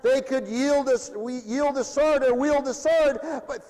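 A man preaching a sermon in a mission hall, emphatic, swinging between loud declarations and hushed asides. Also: very high-pitched, a little slow.

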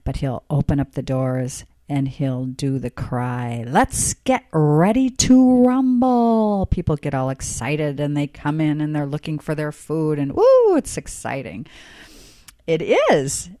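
Low, slow-talking woman podcast host. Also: mellow, dry recording, clean studio sound. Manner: chatty, folksy, enthusiastic asides. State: morning voice. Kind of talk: casual rambling podcast chat.

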